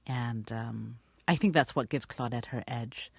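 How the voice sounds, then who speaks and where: A middle-aged actress from Guyana with a British accent, speaking thoughtfully in a radio interview. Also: female voice, rumbling low, a little slow, vocal fry, slightly rough, no room sound. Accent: British English.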